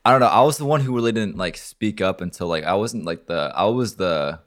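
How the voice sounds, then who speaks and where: Deep-voiced, halting young man. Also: animated. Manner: hesitant, halting, many restarts. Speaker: podcast host. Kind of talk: casual podcast chat.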